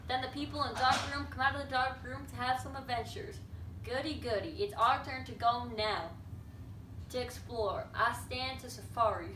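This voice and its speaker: A woman's voice: sits high, normal speed, noisy background, close to an everyday voice. A woman playing a restless young man who longs to escape his dull life, in an amateur stage performance. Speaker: student performer. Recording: echoey room, distant mic.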